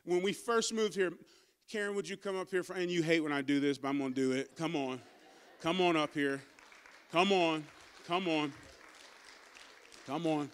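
A man preaching a sermon with a smooth, resonant voice that sits high for a man. He preaches emphatically and calls out to the people in front of him. When emotion rises, he repeats and restarts his words. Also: moderate pace, long pauses, a faint crowd. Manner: emphatic preaching with call-outs to the congregation. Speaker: pastor.

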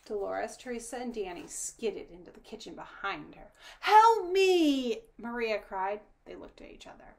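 Lady reading a kids' story, hushed and whispery, bit of gravel in the voice. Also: mid-range voice, moderate pace, few pauses. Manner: soft, often whispered narration. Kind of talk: storybook read-aloud.

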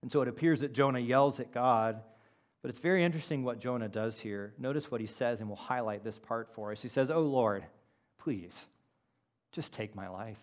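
Man preaching with dramatic swings. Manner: dramatic, swings from loud emphasis to quiet low asides; acts out the prophet's quoted words. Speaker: pastor. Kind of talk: sermon.

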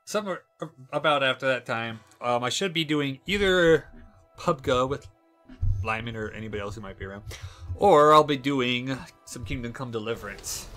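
A man's voice: mid-range voice, lively intonation, moderate pace, sharp tone, soft background music. Playful giggly young man streaming a game. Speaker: livestreamer. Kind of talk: casual gameplay commentary.

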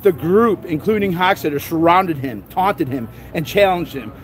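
A man's voice: on the high side, animated, normal speed. A man reading court papers aloud outdoors, stumbling over the words and breaking off with laughing, sarcastic asides. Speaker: vlogger.

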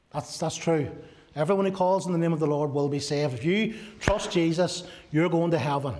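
A male pastor preaching a sermon, earnest, with many rhetorical questions and a voice that drops soft and low on key phrases.

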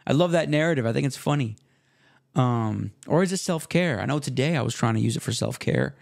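A young man hosting his own podcast, talking casually in a rambling, self-deprecating way with slang and restarts, relaxed after smoking. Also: medium pitch, brisk, creaky. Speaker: podcast host. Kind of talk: casual solo podcast monologue.

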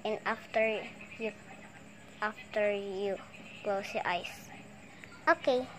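Slow, playful woman telling a toy story. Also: mid-range voice, a little hiss or hum. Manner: slow, playful, sing-song with excited squeals. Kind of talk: toy play storytelling with put-on voices.

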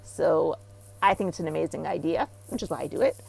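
A middle-aged woman from Israel, a therapy practitioner talking as an interview guest. She tells stories with animation and gets loud when she acts out what people say. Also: low voice, fairly quick, creaky, slightly rough, rough recording. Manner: animated storyteller, rising loud when acting out quotes. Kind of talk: casual interview talk.

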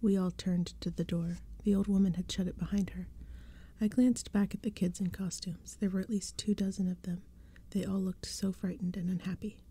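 Soft-spoken woman reading a storybook. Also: mid-range voice, level tone, normal speed, breathy edge. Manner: hushed, gentle narration. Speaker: ASMR storybook reader.

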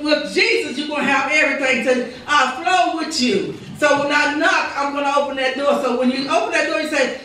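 A woman pastor preaches a sermon in a church sanctuary, with fervent, repetitive phrasing and rhetorical quotes. Her voice is high with a fairly bright tone. The recording is echoey and captured from far off.

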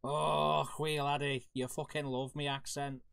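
A man putting on a teasing, mock Scottish accent, high and loud. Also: flat delivery, unhurried, vocal fry, no echo. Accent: put-on Scottish.

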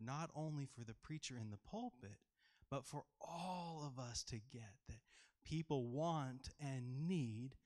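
A man pastor giving a children's sermon in a church, playful and often asking the kids questions. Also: medium pitch.

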